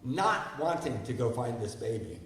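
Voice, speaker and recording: A man's voice: medium pitch, very animated, moderate pace. Older man telling his story in an echoey hall. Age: 60s. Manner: candid, self-deprecating, asks the audience questions. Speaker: guest speaker. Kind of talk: personal recovery story told to an audience. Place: large hall before an audience. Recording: echoey hall, mic far off.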